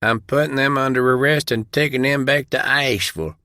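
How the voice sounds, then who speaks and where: A man voicing a smooth, commanding male federal official who speaks in a cold, formal way. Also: mid-range voice, brisk, pushed and bright, dry recording, clean studio sound, voice pushed up.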